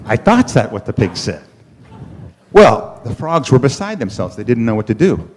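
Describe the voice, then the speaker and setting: A man tells a children's story at a congregation service, his voice rising and falling with lively, swooping intonation. He leans on dramatic pauses and playful emphasis to hold his listeners. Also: mid-range voice, a little hiss or hum.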